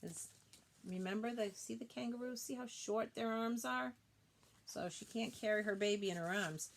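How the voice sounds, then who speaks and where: A woman reading a picture book aloud to children, expressive and pausing to point out the pictures. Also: fairly high pitch, creaky. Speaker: storybook reader.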